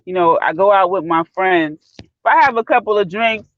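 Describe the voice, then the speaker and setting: A woman from Brooklyn on a live talk panel, expressive and acting out her quotes in casual chat. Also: mid-range voice, normal speed, no echo, muffled recording. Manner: expressive, acts out quotes, laughs easily.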